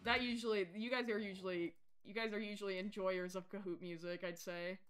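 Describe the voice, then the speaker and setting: A young woman streaming a game live, chatting casually with her viewers and getting excitable. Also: mid-range voice, a little fast. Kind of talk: casual live-stream chat while playing. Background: faint background music.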